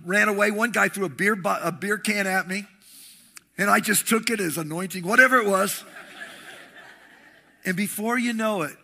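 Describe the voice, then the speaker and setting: Male pastor, middle-aged, high voice, gravelly edge, fiery sermon. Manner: impassioned, swinging between shouting and hushed tones.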